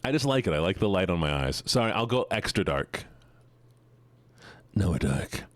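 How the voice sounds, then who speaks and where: A man's voice: low voice, big pitch swings, fast talker, no room sound. A man streaming live, chatting casually and teasing his chat with playful mock-villain boasts.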